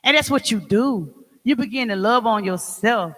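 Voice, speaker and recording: A woman's voice: fairly high pitch, expressive, moderate pace, fairly bright tone. Emphatic woman speaking in an echoey hall. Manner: emphatic, preacherly, call-and-response asides. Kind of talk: motivational talk to an audience.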